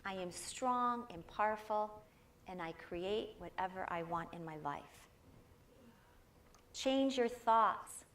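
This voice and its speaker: A woman's voice: medium pitch, slow. An older woman giving an inspirational talk to a congregation, telling personal stories in an earnest way. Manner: personal storytelling, warm and earnest, with quoted voices. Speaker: guest speaker.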